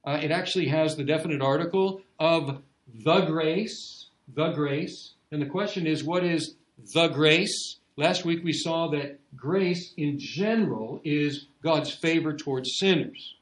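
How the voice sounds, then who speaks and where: A man's voice: a little high, measured pace, hardly any pauses. A male pastor delivers an expository sermon in a slightly raised voice. He speaks earnestly and repeats key phrases for emphasis. The sound carries the echo of a church room.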